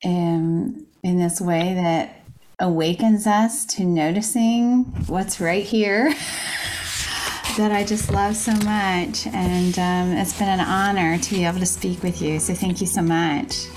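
A woman hosting an interview, speaking in a slow, halting and appreciative way with many fillers. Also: lowish voice, steady tone, noisy background. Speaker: interview host. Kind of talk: interview host wrap-up.

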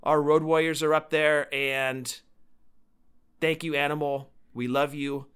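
Bright-voiced earnest man paying tribute. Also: on the high side, little pitch movement, a little slow, clean tone. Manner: voices opinions emphatically. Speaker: podcast co-host. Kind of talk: casual podcast chat.

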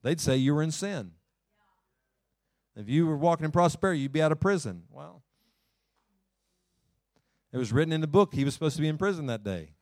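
A man preaching a sermon in church, folksy, climbing loud and then slowing down low to read scripture. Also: lively intonation, no echo, studio quality. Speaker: pastor.

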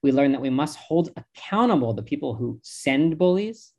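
Man giving measured interview answers. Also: on the high side, expressive, vocal fry, darkish tone. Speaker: interview guest.

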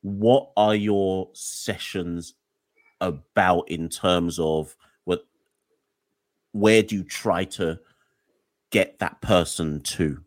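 A man's voice: low-pitched, fairly even intonation, extremely slow, pauses often, dry recording. A man hosting an interview podcast, thinking aloud as he works out his questions and often restarting them. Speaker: podcast host. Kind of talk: conversational interview.

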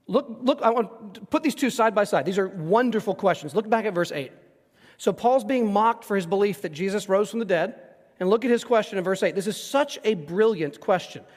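A man with a strikingly high voice preaches a verse-by-verse sermon. He is animated and emphatic, pressing rhetorical questions on his listeners and acting out the voices of the figures he describes. His voice rings out with the long reverb of a large hall. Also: brisk. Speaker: pastor. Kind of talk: expository sermon.

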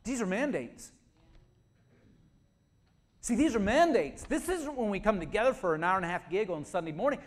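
A man preaching a sermon, telling stories and building to shouted calls to advance. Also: high-pitched, big pitch swings, moderate pace. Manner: storytelling, building to shouted exhortation. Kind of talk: sermon with storytelling.

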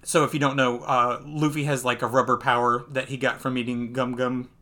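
A man hosting a podcast, recapping a comic in casual chat. He talks in a loose, chatty way, laughs easily and jumps into squeaky voices when he acts out scenes. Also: fairly quick. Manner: animated, jumps into high squeaky voices when acting out lines. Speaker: podcast host.

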